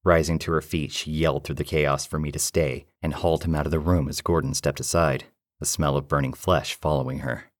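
A man narrating a first-person horror story in a low, steady, measured way. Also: dry recording, clean studio sound.

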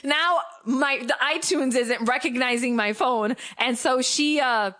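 A woman's voice: sits high, a little slow, sharp tone. A woman telling a long story in casual chat, acting out the people she quotes and laughing often.

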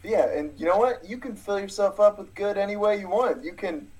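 A man's voice: high voice, a little fast, a little mellow, slight background noise, low-quality recording. A man co-hosting a podcast in casual comedic chat, tossing out quips and questions. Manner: joking, throws in quips and questions. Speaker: podcast co-host.

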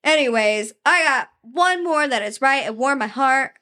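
A woman's voice: high voice, animated, moderate pace, sharp tone. A young woman co-hosting a podcast, chatting casually, reading stories aloud, laughing often and swearing freely. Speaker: podcast co-host.

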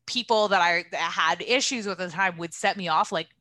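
A woman's voice: on the low side, moderate pace, pushed and bright, no room sound. A woman in casual chat, talking candidly and chattily as a strength athlete.

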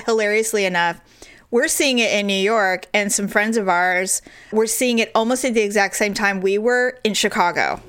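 A middle-aged woman chatting on a podcast, telling a lively story and jumping high when she quotes people. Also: normal speed, smooth. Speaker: podcast co-host. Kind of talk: casual chat.

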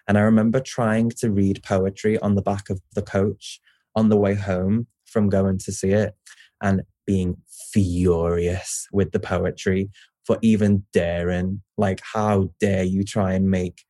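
A man's voice: low-pitched, unhurried, dry recording, studio quality. Rambling Scouse man. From Liverpool, England. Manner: rambling, self-interrupting, swears casually, lively. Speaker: poet, guest. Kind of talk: casual interview chat.

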